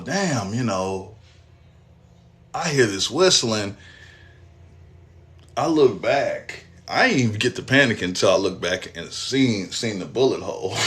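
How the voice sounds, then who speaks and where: Lowish-voiced Texan man telling a story. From Texas, US. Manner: animated, profane storytelling with acted-out quotes and laughs. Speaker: podcast host telling a personal story. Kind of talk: casual storytelling.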